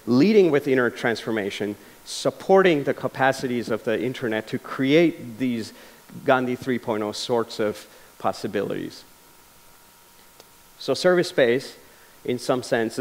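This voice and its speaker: A man's voice: mid-range voice, normal speed, creaky. Earnest man giving a lecture. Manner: earnest storytelling with frequent restarts and fillers. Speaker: lecture speaker. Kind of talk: public lecture. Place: lecture hall.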